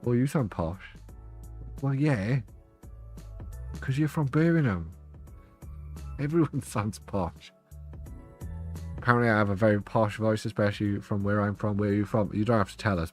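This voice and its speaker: Low-voiced man chatting on stream. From Wales. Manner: chatty and joking, laughs often. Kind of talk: casual live-stream chat.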